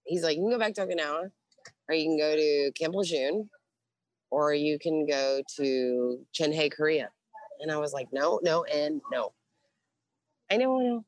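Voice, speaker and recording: A woman's voice: low-pitched, moderate pace, no room sound. A middle-aged woman, a Navy veteran guest, telling blunt, profane stories in a casual interview and acting out what others said. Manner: profane, blunt, animated with quoted voices. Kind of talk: casual storytelling.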